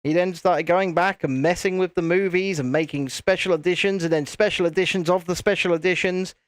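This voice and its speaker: A man's voice: high voice, fairly even intonation, a little fast, no room sound. A British man hosting a casual live stream from his home setup, chatty and rambling as he answers viewers. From United Kingdom. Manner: chatty, rambling, reads viewer chat aloud. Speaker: livestream host. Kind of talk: casual live stream chat while building.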